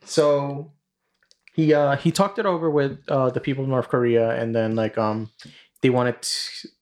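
A man telling a long anecdote on a podcast at a middle pitch. He rambles through constant fillers and drops casual swearing as he goes. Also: fairly even intonation, a little slow, a little mellow. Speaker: podcast host. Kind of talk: casual storytelling.

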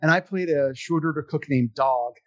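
A middle-aged man spins a long, meandering story in casual conversation. He fills the gaps with ums and likes and pokes fun at himself. His voice sits a little high for a man. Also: normal speed. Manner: rambling, animated, self-deprecating, with many fillers. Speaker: podcast guest telling stories.

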